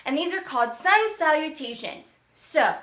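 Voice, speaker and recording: High, bright-voiced woman teaching kids' yoga. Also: lively intonation, normal speed. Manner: upbeat, encouraging, calls out poses with animal sounds. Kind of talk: children's yoga lesson. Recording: echoey room, from a distance.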